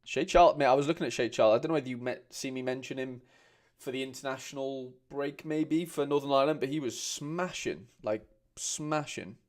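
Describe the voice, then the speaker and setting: A young-sounding man hosting a relaxed stream. He chats loosely with his viewers, reads their comments aloud and keeps calling everyone mate. His pitch sits in an ordinary middle range. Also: a little fast. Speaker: host. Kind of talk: casual livestream chat.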